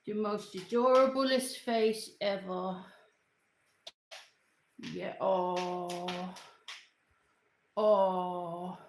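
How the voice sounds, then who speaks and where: A woman's voice: on the low side, fairly even intonation, extremely slow, pauses often, echoey room, a little hiss or hum. A woman hosting a casual livestream from home, chatting loosely and cooing at and scolding her dog. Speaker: livestream host. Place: at home, indoors.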